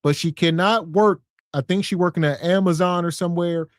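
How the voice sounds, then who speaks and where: Male podcast co-host, laid-back casual talker, slightly high, dry recording. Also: fairly even intonation, brisk, no room sound. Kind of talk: casual commentary.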